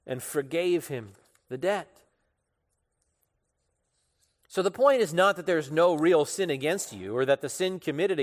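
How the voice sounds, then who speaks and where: A pastor preaching an expository sermon, emphatic, with sudden rises and falls in loudness. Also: male voice, fairly high pitch, in a large hall.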